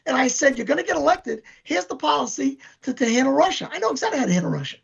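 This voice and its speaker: A man's voice: very high voice, very animated, rapid-fire, vocal fry. An older man, chatting as an interview guest and telling long boastful stories in a rambling way. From New York. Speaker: band member, guest. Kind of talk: casual chat. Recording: dull lo-fi recording.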